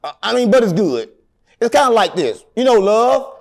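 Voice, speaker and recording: A man tells long, rambling stories in a casual interview. He is animated and jokes with a straight face. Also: sits high, moderate pace. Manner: animated, rambling, deadpan joking. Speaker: interview guest.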